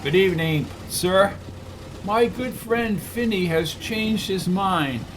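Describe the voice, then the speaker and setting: A man voicing a formal male military colonel who speaks in a measured, official way. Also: high-pitched, noisy background, voice pushed up.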